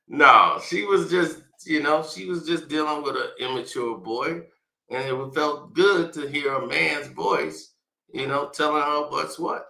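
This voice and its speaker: Slow raspy dude teasing and chuckling, sharp bright tone, echoey room. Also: male voice, fairly high pitch. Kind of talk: casual chat. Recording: roomy echo.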